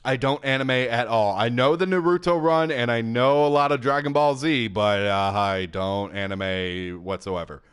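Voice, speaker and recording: Casting: male gaming host, everyday mid-range voice, excitable and chatty, headset mic at home. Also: mid-range voice, normal speed, few pauses, clear, resonant tone. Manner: chatty and excitable, with frequent laughs and filler. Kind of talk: casual game commentary.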